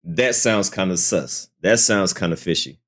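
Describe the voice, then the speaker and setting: A man's voice: low-pitched, unhurried. A man hosting a reaction video, giving casual skeptical commentary and repeating his doubts. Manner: skeptical, repeats himself, animated. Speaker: reaction channel host.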